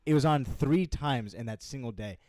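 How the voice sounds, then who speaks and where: A young man in casual chat as co-host, talking earnestly and halting now and then with fillers and restarts. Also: medium pitch, a little mellow, no echo. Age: young adult.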